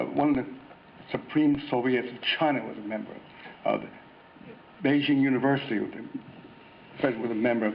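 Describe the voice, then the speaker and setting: A man's voice: mid-range voice, creaky. An older American man giving a rambling, anecdotal talk at a convention, often restarting his sentences. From United States. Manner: rambling storyteller with frequent restarts and hesitations. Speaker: guest author giving a talk. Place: convention hall. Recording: lo-fi hall recording with faint noise.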